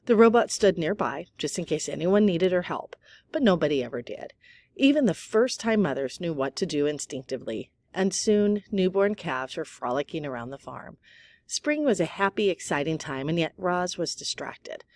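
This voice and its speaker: Woman reading a kids book out loud, calm, low-ish voice, little slips here and there. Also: moderate pace. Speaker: audiobook reader. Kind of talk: reading a children's novel aloud.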